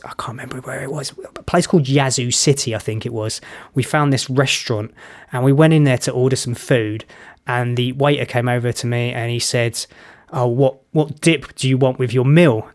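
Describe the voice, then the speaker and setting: A British man hosting a reaction video, chatting casually with blunt opinions and rambling anecdotes. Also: medium pitch. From Britain.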